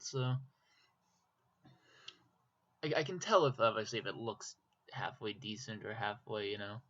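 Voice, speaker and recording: A man's voice: lowish voice, a bit bright. A young man from Minnesota with a Minnesotan accent, rambling casually to himself while drawing, with self-deprecating asides. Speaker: YouTuber. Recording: dull lo-fi mic.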